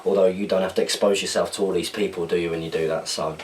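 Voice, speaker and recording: A man's voice: low voice, fairly even intonation, fast talker, darkish tone, recorded from a distance, low-quality recording. A man hosting a podcast alone, reading out viewer questions in a loose, rambling chat and correcting himself as he goes.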